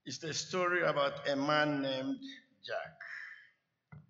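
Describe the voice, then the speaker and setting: Slow, deliberate male preacher. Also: mid-range voice, sharp tone. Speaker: church elder, preacher. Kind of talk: sermon storytelling. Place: church sanctuary. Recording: echoey church hall, dull lo-fi.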